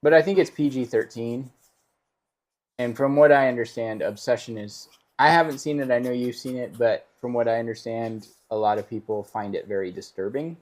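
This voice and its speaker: A man's voice: mid-range voice, moderate pace. A man teaching a live painting lesson, explaining steps and joking playfully with his co-host. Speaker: painting instructor.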